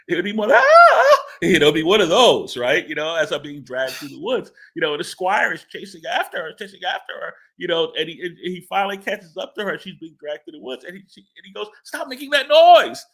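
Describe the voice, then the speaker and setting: Bright-voiced man rambling in an interview. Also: a little high, expressive, a little fast, gravelly, slightly rough. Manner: rambling, stammering with frequent repeated words and laughs. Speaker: comic book writer interviewed as guest. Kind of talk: casual interview chat.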